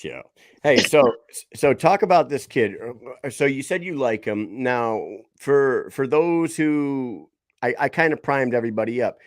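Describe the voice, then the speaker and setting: A man hosting a podcast, asking a fighter questions in an easygoing, halting way. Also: medium pitch, lively intonation, no echo, clean studio sound. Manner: easygoing, halting, laughs along. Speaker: podcast host. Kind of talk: casual interview questions.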